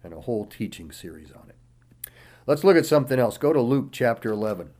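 A man's voice: very animated, a little fast. Man preaching a Bible sermon. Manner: rises loud and high reading scripture, drops quiet and low explaining. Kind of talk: sermon, reading and explaining scripture.

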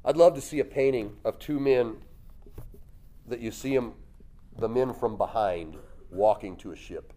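A man preaching a sermon, telling the story lively, acting out voices and chuckling often. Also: medium pitch, a little slow, long pauses. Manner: lively storytelling, acts out voices with loud jumps.

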